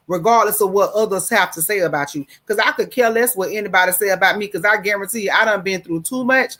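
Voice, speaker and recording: A woman's voice: mid-range voice, fairly bright tone. Emphatic middle-aged woman host. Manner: emphatic, preachy, calls listeners baby. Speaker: talk show host. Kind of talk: casual monologue.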